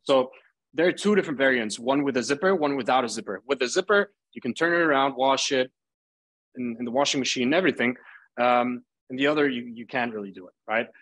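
A man's voice: mid-range voice, quick pace, a bit bright. A man in his twenties from Germany, a podcast guest talking loosely and casually, full of filler words. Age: 20s. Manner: loose and chatty, full of "like" and "bro".

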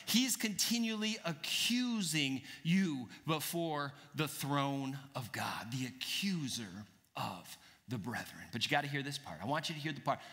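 A man preaching a sermon as pastor, animated and asking the congregation questions. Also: high-pitched. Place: church sanctuary. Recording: church hall reverb.

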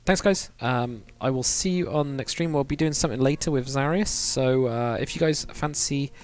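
A man's voice: medium pitch, normal speed. A man chatting casually and rambling to viewers on a live stream, with many fillers. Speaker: live streamer, game builder.

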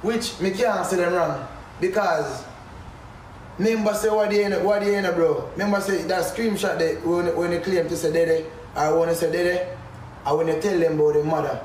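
Jamaican man, high-pitched and agitated, ranting at a rival on a live stream; far off in a very echoey room with faint noise. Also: steady tone, normal speed, a little mellow. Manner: agitated, repetitive, calls listener bro and dog. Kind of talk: heated livestream rant.

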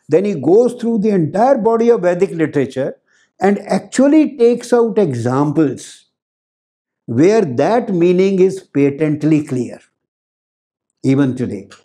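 An older professor with an Indian accent lectures on grammar in a fairly high voice with a dark tone. He repeats key words and slips in asides in Hindi.

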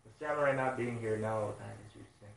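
A man voicing an arrogant, brutal male pirate boss, reading the lines low and quiet. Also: fast, vocal fry. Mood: menacing. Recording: roomy sound, mic at a distance.

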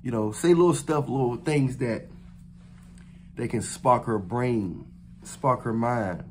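A man's voice: medium pitch, slow, a little mellow, slight background noise. A man talking to camera in a casual, unscripted advice vlog. He rambles loosely, with many fillers, restarts and slangy phrasing. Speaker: vlogger giving dating advice.

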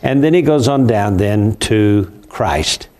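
A man's voice: fairly low pitch, lively intonation, slow, a little mellow, a little hiss or hum. An older man, hosting a conversational Bible study in a folksy, emphatic way. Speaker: Bible prophecy show host.

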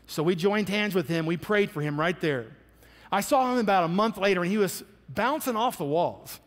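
A man with a fairly high voice preaches from the pulpit, telling stories and acting out the voices of the people in them. His words ring out with a long reverb, as if in a large hall. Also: normal speed. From United States. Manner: storytelling, acting out quotes in animated voices. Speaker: pastor. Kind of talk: sermon.

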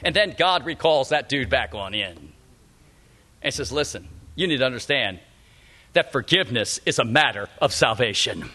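A middle-aged man preaching a sermon in a church, speaking emphatically and slowing down to stress repeated phrases. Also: medium pitch, expressive, pushed and bright, breathy edge. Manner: emphatic, repetitive preaching with slowed punchlines. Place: church sanctuary.

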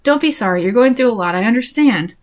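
A woman reading the lines of a gentle teenage boy in a fan story, soft and apologetic. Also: a little high, lively intonation, fast talker, close to an everyday voice.

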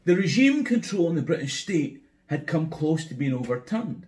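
Scottish man, history guide, sardonic delivery, pitch swinging widely, a touch high. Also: sing-song, normal speed, a little mellow. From Scotland. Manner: wry, sardonic, building to mock outrage. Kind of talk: scripted history commentary to camera.

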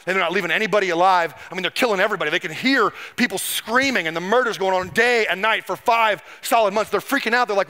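A middle-aged man preaching a sermon as pastor, telling history as a lively story and acting out the people he quotes. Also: high voice, fast talker, hardly any pauses.

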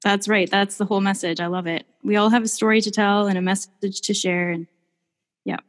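A woman artist telling stories in a casual interview, gushing and animated. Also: mid-range voice, brisk, big-room sound. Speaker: artist guest.

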